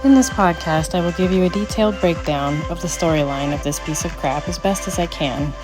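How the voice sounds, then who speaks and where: A middle-aged woman hosting a podcast, recapping a bad movie with snarky, mocking commentary and sudden high jumps for the jokes. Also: a little fast, music in the background. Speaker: podcast host.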